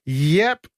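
A man's voice: on the high side, no echo. Brief: male breakfast radio host, opinionated and jokey, dry close studio sound. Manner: chatty, opinionated, joking. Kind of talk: talkback radio chat.

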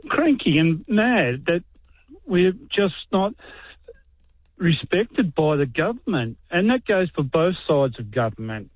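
A middle-aged Australian man calls in on a tinny, narrow phone line. His voice sits fairly high, and he sounds weary and aggrieved, halting as he talks. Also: very animated, no room sound. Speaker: caller, army veteran. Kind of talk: talkback phone call.

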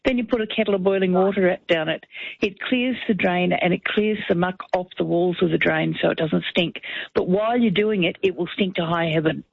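A woman explains cleaning fixes in a plain, instructive way. Her voice has a gravelly edge. The sound is thin and phone-like, dry and close. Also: lowish voice, a little fast, dry recording. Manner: matter-of-fact, instructive. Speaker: household cleaning expert guest. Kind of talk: giving practical advice on radio. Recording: tinny phone-like radio sound.

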